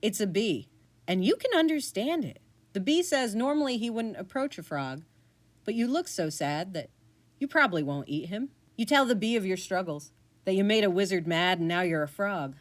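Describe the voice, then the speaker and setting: Woman, storybook narrator, playful, lively pitch, second-person storytelling. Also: normal speed. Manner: playful, animated. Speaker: podcast narrator.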